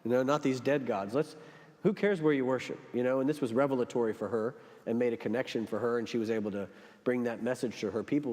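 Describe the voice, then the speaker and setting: A man, a pastor, talking earnestly and reflectively in a church discussion after a sermon. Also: fairly low pitch. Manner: earnest, reflective, tells jokes with animated voices. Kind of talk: church talk-back discussion. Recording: long hall reverb.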